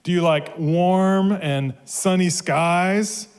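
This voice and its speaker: A man voicing an eager, curious little mouse in a storybook read-aloud, with a lifted, bright tone. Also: high-pitched, extremely slow, smooth, pitched above the performer's own voice.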